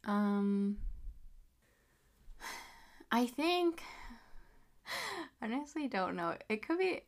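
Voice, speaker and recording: Bright-voiced young woman chatting. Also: a little high, expressive. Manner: reactive, quick to respond, giggly asides. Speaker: podcast co-host. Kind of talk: casual chat.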